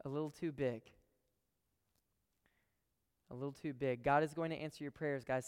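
A man's voice: fairly high pitch, clean tone, big-room sound. A man preaching a sermon in a casual, emphatic way, talking straight to his listeners and repeating phrases for stress.

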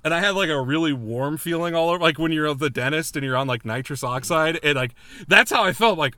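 An animated, bright-voiced male storyteller. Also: fairly high pitch, normal speed, dry recording. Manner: animated, laughing, acts out quotes. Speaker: guest storyteller. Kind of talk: comedic storytelling.

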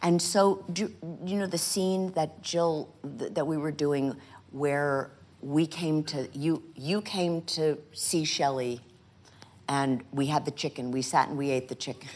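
Older woman, very low voice, animated storyteller, live stage talk. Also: a little slow. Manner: animated, acts out quoted lines loudly. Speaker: guest actress in a stage conversation. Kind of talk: conversational storytelling. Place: stage before a live audience.

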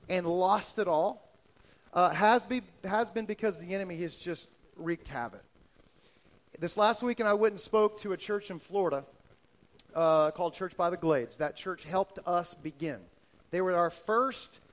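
A middle-aged male pastor preaches with a high, light voice. He tells personal stories earnestly, driving points home by repeating phrases. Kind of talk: sermon.

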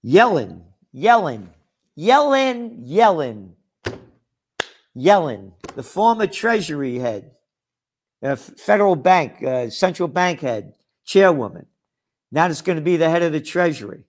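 A man's voice: fairly high pitch, lively intonation, normal speed. An older man, a trend forecaster, delivering a sarcastic, scornful ranting monologue full of name-calling.

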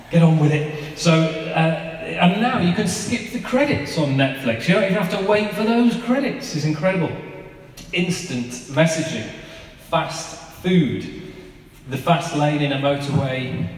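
A man, giving an informal sermon in a chatty, conversational way with lots of fillers. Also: medium pitch. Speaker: preacher. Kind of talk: informal sermon with family anecdotes. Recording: echoey hall, mic at a distance.

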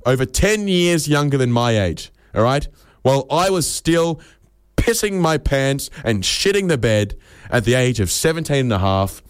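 An Australian man in his late twenties giving a rambling, mock-serious comic monologue, jumping his pitch up for emphasis. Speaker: comedian.

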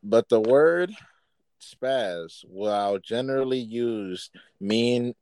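A man's voice: mid-range voice, lively intonation, slow, a little mellow, smooth, dry recording. A man in casual podcast chat, laid-back and laughing, who reads out a statement and comments on it. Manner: laid-back, laughing, calls people "bro".

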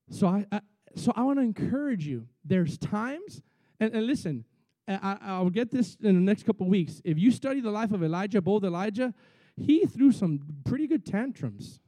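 A man preaching a sermon as pastor, animated, acting out quotes with big swings between loud and soft. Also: high-pitched, normal speed, no room sound.

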